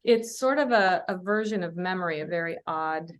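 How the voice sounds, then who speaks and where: A woman's voice: on the low side, moderate pace, clean tone. A woman taking part in a study group discussion, speaking hesitantly and searching for her words.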